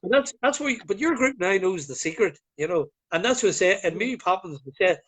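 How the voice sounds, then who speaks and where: A man's voice: high voice, animated, quick pace, fairly bright tone. Rambling Northern Irish man. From Northern Ireland. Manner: rambling, storytelling with many fillers. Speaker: guest. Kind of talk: casual chat. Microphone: video call.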